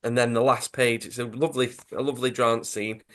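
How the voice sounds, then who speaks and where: A man's voice: medium pitch, fairly quick. A man with a Dudley accent casually retelling a football comic story on a podcast, acting out the quotes. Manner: animated storyteller, acts out quotes with self-corrections. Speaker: podcast co-host.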